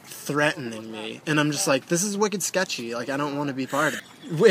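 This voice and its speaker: A man's voice: medium pitch, lively intonation, fairly quick, a crowd in the background. A young man telling a story in a rambling, profane way, full of fillers. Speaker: storyteller guest. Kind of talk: casual storytelling.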